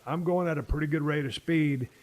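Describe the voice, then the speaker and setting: A man's voice: on the high side, a little fast, a little mellow. A man in his fifties hosting a casual podcast chat, telling long stories full of profanity. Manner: profane, rambling storyteller. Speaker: podcast host.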